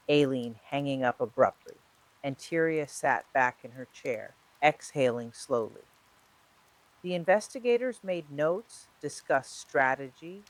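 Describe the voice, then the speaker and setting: Steady, dramatic true-crime narrator. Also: mid-range voice, poor audio.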